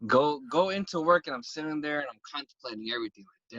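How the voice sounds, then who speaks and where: A man from San Francisco tells a story on a podcast, acting out his own lines with plenty of swearing. His voice is bright and sits a little high. The recording is dry but dull and lo-fi. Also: lively intonation, fast talker, hardly any pauses. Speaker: podcast guest. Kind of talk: casual storytelling.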